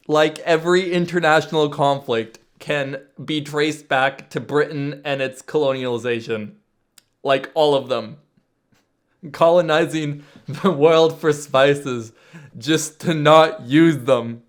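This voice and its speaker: A man casually explaining history to viewers, with joking, sarcastic asides. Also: a little high.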